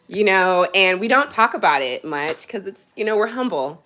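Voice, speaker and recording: A woman's voice: medium pitch, animated, moderate pace, hardly any pauses, pushed and bright. A young woman hosting a casual livestream, talking bluntly and sarcastically with plenty of profanity about her daily frustrations. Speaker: livestream host.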